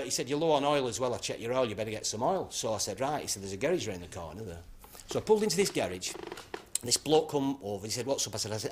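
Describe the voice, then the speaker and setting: An actor playing a brash club comedian, telling rambling anecdotes that end in punchlines. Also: male voice, medium pitch, a little hiss or hum, close to an everyday voice. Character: brash northern male club comic. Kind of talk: stand-up routine.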